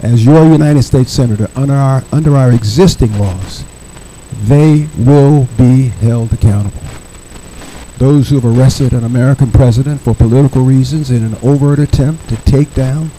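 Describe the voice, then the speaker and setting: A man's voice: mid-range voice, moderate pace, mellow, a little hiss or hum, rough recording. A man in his seventies, a political candidate, delivering an emphatic campaign speech with a repetitive rallying cadence.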